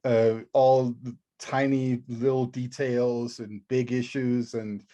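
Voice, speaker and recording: A man's voice: medium pitch, little pitch movement, takes it slowly, warm tone. A middle-aged man, a professor co-hosting a podcast, talking casually with many ums and small chuckles. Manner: hesitant, many ums, chuckles between thoughts.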